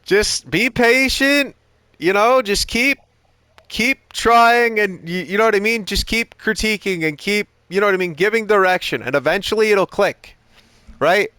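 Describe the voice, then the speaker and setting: A man coaches a sim racing driver on a live stream, giving short driving instructions and chatting casually. His voice is high-pitched, a little slow, sharp and clean, with no echo. He's laid-back, swears often, and keeps saying "you know what I mean."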